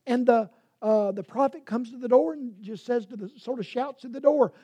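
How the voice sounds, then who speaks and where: A woman preaching a sermon in a storytelling way, swinging from loud passages to hushed whispers. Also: fairly high pitch, moderate pace, slightly rough.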